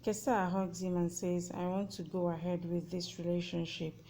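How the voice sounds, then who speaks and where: A woman narrating a TV plot recap, reading out every character's lines in an even, matter-of-fact way. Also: lowish voice, moderate pace, poor audio.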